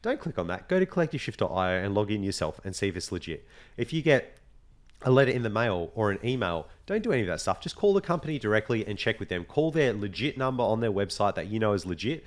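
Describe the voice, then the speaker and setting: A young man chatting on a podcast, quick to slip into the voices of the people in his stories. He talks casually and swears without a second thought. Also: lowish voice. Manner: animated storyteller, swears casually, acts out quoted voices. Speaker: podcast co-host. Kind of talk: casual chat.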